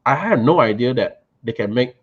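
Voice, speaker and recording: Excited man telling a food story. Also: medium pitch, moderate pace, breathy edge, highs cut off. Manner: animated, excited, restarts and repeats words. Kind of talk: casual storytelling chat.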